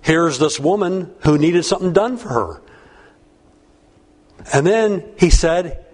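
A man's voice: on the high side, lively intonation, slow pace, pauses often, darkish tone. A man preaching a sermon, reading scripture and breaking into folksy, conversational asides. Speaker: pastor.

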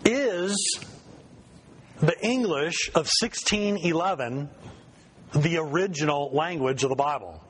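A man's voice: a little high, expressive, slow, pauses often. A man teaching an informal Bible study class in a conversational way, quizzing the group and often correcting himself mid-sentence.

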